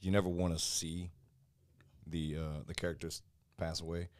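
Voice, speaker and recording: Man, very deep voice, podcast guest, laid-back, halting, dry mic. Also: level tone, darkish tone, no room sound. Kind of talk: casual podcast chat.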